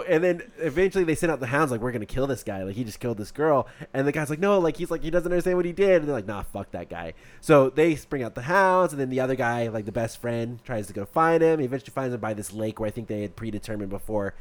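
A man's voice: mid-range voice, fast. A man in casual chat, rambling through a movie plot and swearing freely.

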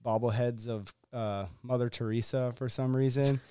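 A man's voice: mid-range voice, steady tone, normal speed, dark tone, clean tone. A young man casually retelling a comedy movie to friends in a rambling way, full of fillers. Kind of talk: casual chat among friends.

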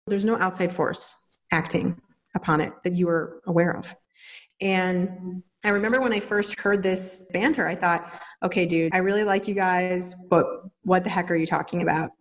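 Animated woman explaining ideas. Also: fairly low pitch. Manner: animated, acts out quoted voices. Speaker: podcast host. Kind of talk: casual teaching monologue.

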